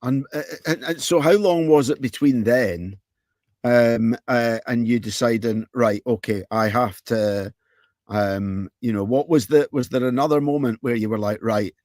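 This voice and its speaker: A man's voice: medium pitch, unhurried, a little mellow, dry recording, studio quality. A man hosting a podcast, asking long questions with many restarts and ums. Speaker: podcast host. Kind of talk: interview questions.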